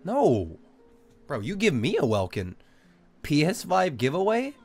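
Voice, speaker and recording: A young man from Australia chatting with viewers on a live stream in a loud, animated, crude joking way. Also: a little high, measured pace, faint music behind.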